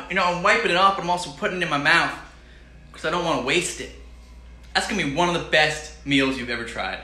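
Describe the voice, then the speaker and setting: Upbeat male livestream host, piercingly bright tone, echoey room, relentless motivational patter. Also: fairly high pitch. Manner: enthusiastic, repetitive motivational pep talk. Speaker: healthy-cooking livestream host. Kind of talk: live-stream cooking chat with viewers.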